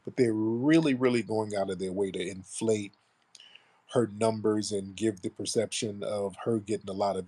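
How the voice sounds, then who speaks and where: A man's voice: lowish voice, darkish tone, slightly rough. A man hosting a live political commentary show, blunt and mocking, with rambling asides. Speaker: radio show host.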